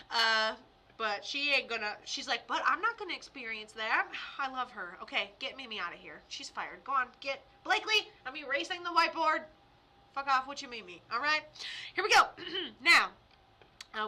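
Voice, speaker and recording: A young woman talks casually to her live-stream viewers as a medium. Her voice sits high and sounds very bright and sharp. She giggles often and briefly acts out the voices of the people she quotes.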